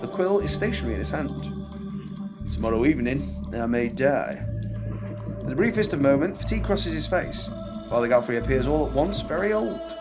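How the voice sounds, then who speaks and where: Chatty gamer over loud music. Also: male voice, fairly high pitch, lively intonation, quick pace. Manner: chatty and rambling, with dry asides. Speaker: let's play host. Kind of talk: casual game commentary and reading game text aloud. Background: loud game music.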